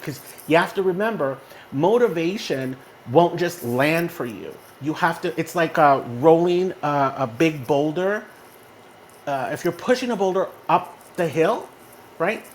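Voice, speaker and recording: A man's voice: fairly high pitch, a little hiss or hum. A man from Texas co-hosting a casual motivational chat in a social audio room. He tells stories with lots of energy and keeps asking "right?". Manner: animated storyteller who often checks in with "right?". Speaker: co-host. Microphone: phone in a social audio room.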